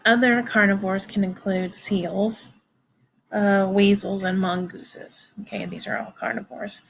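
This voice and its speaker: A woman lectures on biology at an unhurried, deliberate pace, filling pauses with frequent "um"s and "uh"s. She talks to her students casually and directly. A faint hiss of noise sits under her voice. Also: mid-range voice, fairly even intonation, low-quality recording. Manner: halting, many fillers and restarts; informal, addresses students directly. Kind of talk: recorded classroom lecture.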